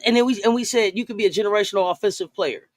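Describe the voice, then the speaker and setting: A man's voice: sits high, very fast, no room sound. A man co-hosting a sports talk show, talking animatedly and stumbling over his words as he repeats short phrases. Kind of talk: casual sports debate.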